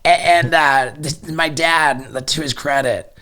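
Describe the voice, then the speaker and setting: Animated, swearing middle-aged man telling a story. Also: a little high, slow. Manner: animated, swears a lot, many restarts. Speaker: podcast guest. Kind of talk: casual storytelling chat.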